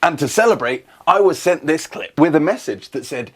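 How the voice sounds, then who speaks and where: A man's voice: a little high, animated, normal speed, husky. A man hosting a comic vlog, joking and jumping between silly voices and whispers. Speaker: comedy vlogger.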